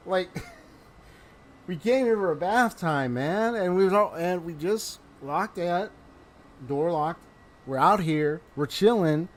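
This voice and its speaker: A man casually commenting on a game he is playing, animated and slangy, laughing often. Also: on the high side, measured pace. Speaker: let's play host.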